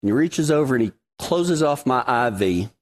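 A man's voice: medium pitch, animated, normal speed. A man preaching a sermon, telling his own story in a folksy, dramatic way.

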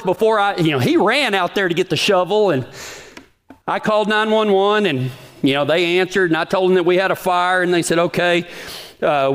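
A man's voice: sits high, fairly bright tone. A man telling a folksy story in a sermon, often asking the audience questions. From Texas.

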